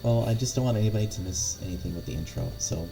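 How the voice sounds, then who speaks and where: A man with a low voice running a tabletop session, talking haltingly and filling gaps with "uh" and "like". Music plays clearly in the background of his call mic. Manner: hesitant, many fillers and laughs. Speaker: game master. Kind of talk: casual stream chat.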